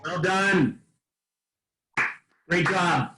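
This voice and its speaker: A man running a sales training session, his voice sitting somewhat high. He coaches trainees through role-play and often restarts his sentences with repeated words. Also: steady tone, background noise. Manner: coaching, quick asides, repeats words when starting.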